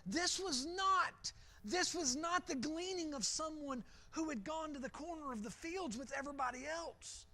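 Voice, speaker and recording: In a church, a pastor with a high, sharp-toned voice gives an evening Bible lesson told as an imaginative story. He often repeats words as he goes.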